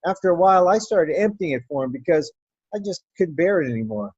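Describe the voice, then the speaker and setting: A woman telling a personal story in an animated, wry and profane way. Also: fairly low pitch, fast talker, husky, no room sound, highs cut off.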